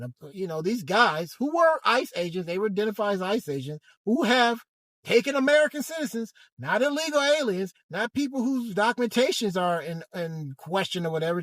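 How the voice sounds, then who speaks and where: A man with a fairly high voice talks through a casual monologue from the driver's seat, stopping and restarting his sentences as he searches for words. The sound is dry and close, with no room echo. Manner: hesitant, halting, many restarts and fillers. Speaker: vlogger. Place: in a car.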